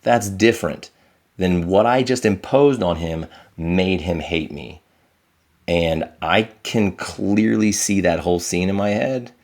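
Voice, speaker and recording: A man with a very low, deep voice speaks candidly as a podcast guest. He is earnest and reflective, and he lifts his voice when he acts out what people said. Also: slow pace, a little mellow. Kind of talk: candid conversational storytelling.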